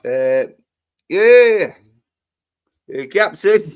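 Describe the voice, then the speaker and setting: A man's voice: high-pitched, sing-song, extremely slow, a little mellow, smooth. A man hosting a livestream, ranting angrily and swearing constantly in a rambling way. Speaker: livestream host. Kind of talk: profane livestream rant.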